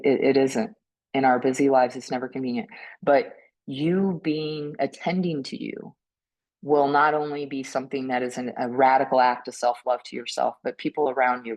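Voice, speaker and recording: A woman speaking on a panel about mental health, gentle and earnest, often tagging her points with a questioning "right?" and restarting her words. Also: rumbling low, fairly even intonation, a little fast, rough recording. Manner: frequent restarts and repeated words. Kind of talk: reflective panel talk.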